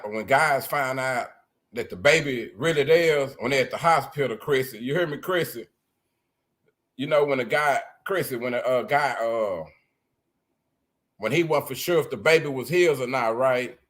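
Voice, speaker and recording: Animated man hosting a live stream. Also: mid-range voice. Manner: loud, crude, animated banter with viewers. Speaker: livestream host. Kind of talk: live reaction stream chat.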